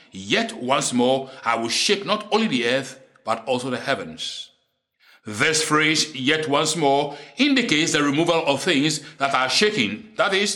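A man preaching a sermon in English, which is not his first language. He is deliberate and repeats key lines for emphasis. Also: a little high, sharp tone.

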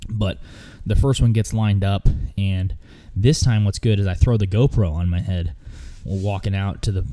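A man's voice: low-pitched, moderate pace, mellow. A man recounting a hunting trip in casual, rambling storytelling with lots of fillers and restarts.

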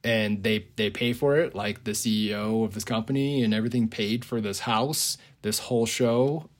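A man's voice: fairly low pitch, steady tone, moderate pace. A man casually retelling a movie idea on a podcast, rambling with lots of "like" and frequent chuckles. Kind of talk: casual storytelling.

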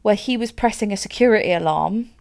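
A woman's voice: medium pitch, fast talker, gravelly, darkish tone. A woman casually recounting a true-crime case as a podcast co-host, chatty, with lots of "like" and "so". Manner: chatty, frequent "like" and "so", laughs easily.

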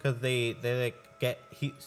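A man's voice: mid-range voice, flat delivery, unhurried, faint music behind. A man co-hosting a podcast in casual chat, speaking hesitantly with many fillers. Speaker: podcast co-host.

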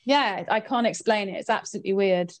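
A woman guest recounting a ghostly experience in a lively, expressive way, her voice jumping up in pitch at the dramatic moments. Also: fairly quick. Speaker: guest storyteller. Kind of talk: animated anecdote telling.

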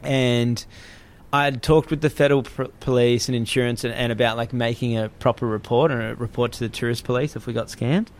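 A man's voice: mid-range voice, fairly even intonation, fairly quick. A man telling a long story in casual chat, rambling with many fillers and restarts.

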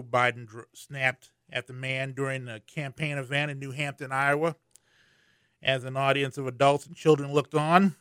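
A man's voice: mid-range voice, steady tone, normal speed, fairly bright tone, clean tone, no echo, studio quality. A man doing comedic news commentary, rambling and profane, with lots of fillers.

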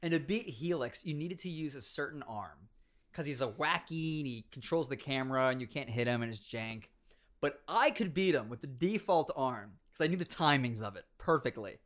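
A man in his twenties casually telling stories about competitive gaming, animated, laughing often and acting out quotes. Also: mid-range voice, moderate pace. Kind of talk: casual storytelling chat.

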